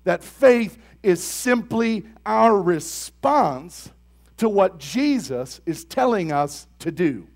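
A young man preaching a sermon as pastor, talking to the congregation and asking them questions, then building to loud, emphatic bursts. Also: sits high, lively intonation, slow pace. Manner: conversational, asks the congregation questions.

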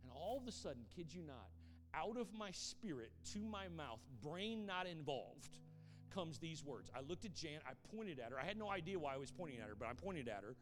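A traveling pastor telling a story in a sermon to a congregation, animated and prone to stammering repeats when excited. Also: male voice, on the high side, a little fast. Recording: long hall reverb, faint music.

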